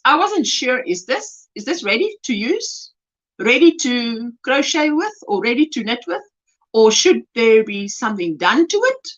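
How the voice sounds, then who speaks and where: Woman from South Africa, livestream host, unhurried, very expressive melody, chatty, lo-fi sound. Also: high voice. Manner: chatty and animated, gushing over yarn. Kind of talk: casual livestream chat, reading viewer comments aloud. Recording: dull lo-fi livestream audio.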